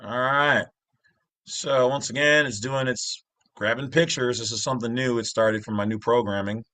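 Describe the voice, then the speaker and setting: Bright-voiced rambling middle-aged man. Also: mid-range voice, steady tone, moderate pace, dry recording. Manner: rambling, jokey asides, self-interrupting. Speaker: channel host. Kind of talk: casual explainer talk over a screen.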